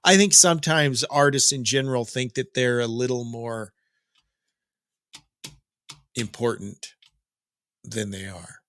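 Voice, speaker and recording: A man's voice: medium pitch, slow, pauses often, a bit bright, no room sound. A middle-aged man hosting a daily rock news update, chatting casually with jokes and digressions. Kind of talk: casual rambling commentary.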